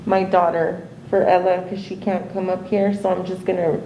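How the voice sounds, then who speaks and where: A woman's voice: lowish voice, flat delivery, moderate pace, echoey room, highs cut off, slight background noise. A mother at a memorial gathering, retelling a text exchange with nervous laughter. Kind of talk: informal memorial tribute.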